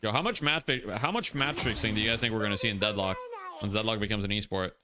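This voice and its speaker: A man's voice: lowish voice, fast. A man streaming a game and coaching a team, joking and laughing as he chats with viewers and a co-caster. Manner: joking, laughs often, reads out donations. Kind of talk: casual gaming stream chat.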